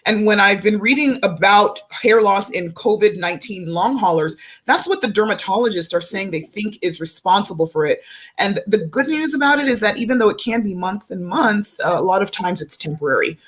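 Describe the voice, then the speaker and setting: A woman's voice: mid-range voice, expressive, a little fast. A woman doctor hosting a panel discussion, explaining symptoms earnestly to her guests and viewers. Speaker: doctor and host. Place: studio stage with guests.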